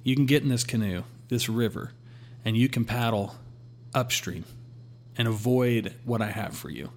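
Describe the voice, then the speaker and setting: A man sharing a personal faith testimony in a relaxed conversational way, acting out his talks with God. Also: medium pitch, normal speed, a little hiss or hum. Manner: storytelling, quotes God in a calm voice.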